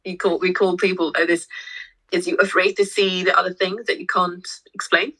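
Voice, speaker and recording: A woman with a lowish, bright, forward voice, talking through yoga ideas on a podcast. She hesitates often and restarts her sentences. She grows livelier when she retells her own stories. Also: little pitch movement, normal speed, poor audio. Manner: hesitant, with frequent restarts and fillers. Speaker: yoga teacher and podcast co-host. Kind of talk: conversational explanation.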